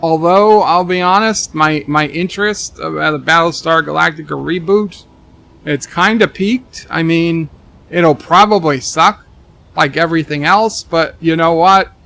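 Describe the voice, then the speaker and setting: A man streaming a game live, reading viewer comments aloud and answering them with deadpan jokes and rambling asides. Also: on the high side, unhurried, vocal fry. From Texas. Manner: rambling asides with many restarts. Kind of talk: live-stream chat reading while gaming.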